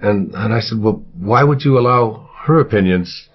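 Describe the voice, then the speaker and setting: An older man with a husky voice, telling childhood stories in an interview, rambling with fillers and restarts. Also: lowish voice, normal speed. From United States. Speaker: interview guest. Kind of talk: reflective storytelling interview. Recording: dull lo-fi recording.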